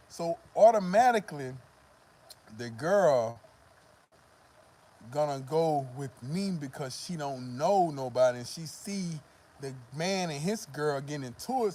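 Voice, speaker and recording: A man's voice: fairly high pitch, dark tone, a little hiss or hum. A man vlogging, telling a profane, rambling story to the camera and filling it with "you know what I mean.".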